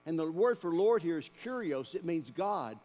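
A male pastor preaching a dramatic sermon in a church, swinging between hushed lines and shouted ones. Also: fairly high pitch, big pitch swings, normal speed. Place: church sanctuary. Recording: long church-hall reverb.

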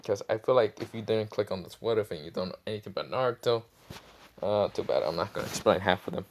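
A man's voice: fairly low pitch, fast, a little hiss or hum. Rambling man retelling a fan story. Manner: rambling, irreverent, many fillers.

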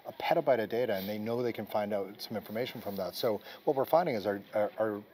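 Boston guy talking fast in an interview, lowish voice, faint hum behind. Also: darkish tone. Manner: fast, emphatic, rhetorical questions. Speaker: interviewed executive. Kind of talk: conversational interview answers. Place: busy conference venue. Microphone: camera mic at a trade show.

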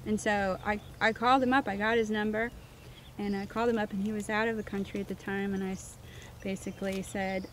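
A woman from Missouri tells her winemaking story in an interview. She is animated and acts out the dialogue she quotes. Her pitch sits in the middle, and faint background noise runs under the recording. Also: a little fast. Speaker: winemaker, guest.

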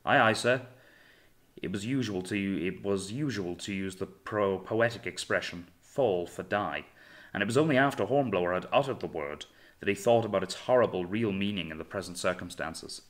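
A man reading a novel aloud in measured, dramatic storytelling narration. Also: low-pitched. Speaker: audiobook narrator. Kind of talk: scripted narration.

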